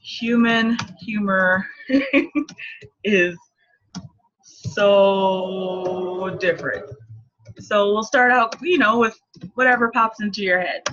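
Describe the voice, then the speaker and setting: A woman's voice: mid-range voice, takes it slowly, long pauses, fairly bright tone, slight background noise. A woman in her thirties, a marketing coach, teaching casually and playfully while laughing often. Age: 30s. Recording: dull lo-fi recording.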